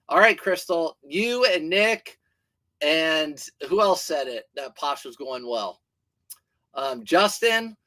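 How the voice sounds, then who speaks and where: A man's voice: on the high side, fairly bright tone. A man hosting a casual livestream about reselling, chatting and answering viewer comments as he goes. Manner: chatty, reads viewer comments aloud, restarts sentences.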